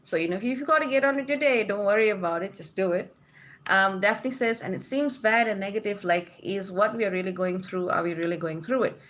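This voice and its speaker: A woman's voice: mid-range voice, brisk, fairly bright tone. A woman hosting a casual livestream from home, reading viewer comments aloud and chatting back with frequent laughs.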